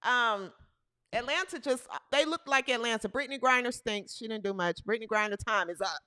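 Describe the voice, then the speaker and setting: A fairly quick, sharp-toned woman runs a comedic show about women's basketball, commenting over the highlights. Exclamations and frequent laughs fill her talk, and she repeats lines for emphasis.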